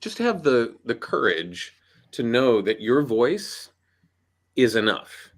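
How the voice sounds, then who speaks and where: A man talking on a video call, giving emphatic, punchy coaching advice in an animated panel chat. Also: mid-range voice, slow. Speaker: voiceover artist and audiobook coach.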